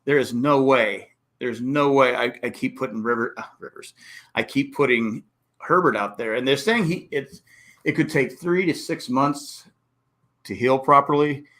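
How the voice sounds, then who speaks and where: A man hosting a casual sports podcast, talking fast and acting out coaches' and fans' reactions. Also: mid-range voice. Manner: animated, acts out coaches and fans with exclamations. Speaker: podcast host.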